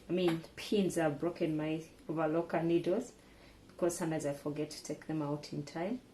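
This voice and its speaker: Low-voiced woman talking through sewing steps. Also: warm tone, slight background noise. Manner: explains as she works, often restarting and correcting her words. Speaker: sewing tutor. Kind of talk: casual step-by-step tutorial.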